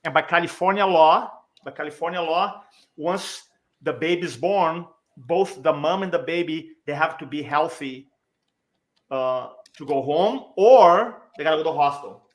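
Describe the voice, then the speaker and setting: A man's voice: on the high side, moderate pace. A middle-aged man, a podcast guest, telling a personal story with energy and emphasis, acting out the dialogue he quotes. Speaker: podcast guest, speaking coach. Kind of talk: animated storytelling.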